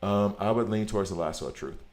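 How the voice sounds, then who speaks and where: A man with a low, deep voice chats casually while playing a game and drifts into long, animated tangents. His voice rings in an echoey room. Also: fast. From United States. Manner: animated storyteller, rambling tangents. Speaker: gaming streamer. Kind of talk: casual chat while gaming.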